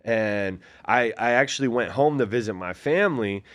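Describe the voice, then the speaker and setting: He has an expressive, medium-pitched voice and keeps a moderate pace. A former fighter in his forties, he tells his story as a guest in a casual, meandering way, heavy on fillers, voicing the people he quotes.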